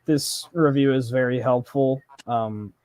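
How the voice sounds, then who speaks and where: A man's voice: mid-range voice, fairly even intonation, a little slow, a little mellow, clean tone, dry recording. A man joining a casual film chat with sarcastic remarks. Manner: sarcastic, dry.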